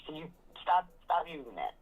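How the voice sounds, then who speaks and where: A woman's voice: deep voice, moderate pace, breathy edge, narrow, tinny audio. Sassy woman dishing on reality TV. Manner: sassy, animated, mocking impressions. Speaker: reality TV commentator. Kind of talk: casual recap chat.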